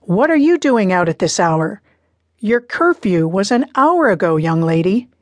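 A woman's voice: medium pitch, very animated, unhurried, dry recording. A woman reading as a stern, firm father. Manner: firm, insistent. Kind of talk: audiobook character reading.

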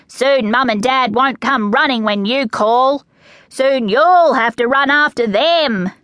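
A woman's voice: sits high, slow, a bit bright, no echo, pitched above the performer's own voice. A woman with an Australian accent voicing grumpy older magpie siblings who lecture the younger chicks in a storybook. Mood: grumpy smug. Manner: grumpy, told-you-so.

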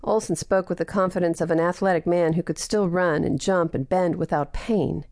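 A woman narrates a novel in a steady, even reading voice. Her pitch sits on the low side, and the recording is dry and close with no room sound. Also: normal speed, dry recording. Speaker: audiobook narrator. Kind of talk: scripted narration.

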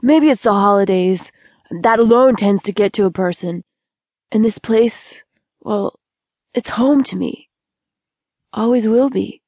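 A woman's voice: medium pitch, a little slow, pauses often, darkish tone, no room sound, studio quality. Woman voicing a laid-back young snowboarder guy. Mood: wistful. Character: rugged young male snowboarder, easygoing.

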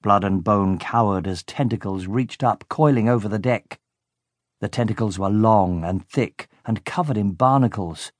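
A man narrating a children's audiobook in a lively, expressive way. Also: on the low side, normal speed, no echo, clean studio sound.

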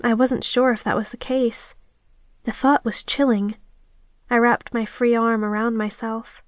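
A female audiobook narrator tells a first-person romance in a steady, intimate way. Her voice sits fairly high and sounds close and dry, with no room around it. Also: normal speed, dry recording.

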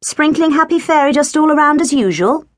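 A woman's voice: high voice, animated, a little fast, no room sound, studio quality, pitched above the performer's own voice. A woman voicing a wry young heroine.

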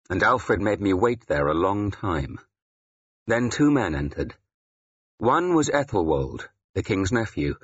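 Low husky male narrator, lively intonation, dry muffled studio read. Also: no room sound. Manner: expressive, dramatic shifts of tone. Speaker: audiobook narrator. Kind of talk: scripted first-person narration.

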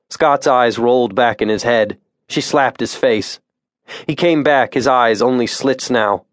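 A man reading a suspense thriller audiobook in a measured, tense narration voice on a close studio mic. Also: medium pitch, dry recording. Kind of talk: scripted narration.

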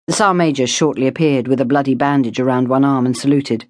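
A woman's voice: very deep voice, darkish tone, no room sound. Woman reading a war novel, dry sound. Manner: measured dramatic reading. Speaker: audiobook narrator. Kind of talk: scripted narration.

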